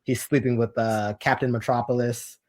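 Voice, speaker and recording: A man speaking as a guest reviewer in a casual podcast chat, relaxed and hesitant, with frequent fillers. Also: medium pitch, normal speed.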